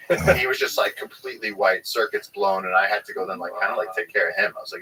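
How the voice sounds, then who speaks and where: Low, bright, husky-voiced man telling stories. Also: very fast, far from the mic, poor audio. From United States. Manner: animated, filler-heavy storytelling with many restarts. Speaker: guest, wildlife researcher. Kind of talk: casual storytelling conversation.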